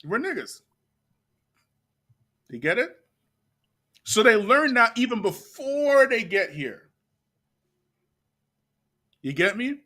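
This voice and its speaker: Bright-voiced animated male host. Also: very high-pitched, slow, pauses often. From Canada. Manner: animated, drops "you get me" asides. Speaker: channel host. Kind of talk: casual commentary and storytelling.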